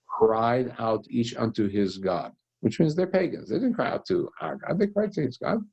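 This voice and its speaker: Gravelly rabbi teaching a text study. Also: male voice, mid-range voice. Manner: animated storyteller, acts out the characters' lines.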